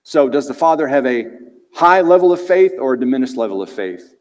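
A male preacher giving an expository sermon in a conversational, animated way, asking the listeners rhetorical questions. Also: mid-range voice, a little fast. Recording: reverberant hall.

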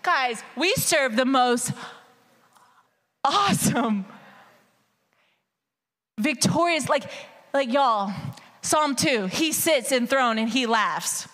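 A woman preaching an energetic sermon, animated and hyped, calling out to the congregation as y'all. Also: high voice, takes it slowly, long pauses. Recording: long hall reverb.

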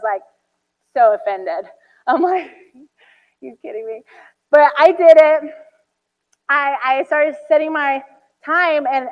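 A woman in her thirties preaching a sermon, telling stories animatedly with acted-out quotes and many "like"s. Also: high-pitched. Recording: dull hall recording.

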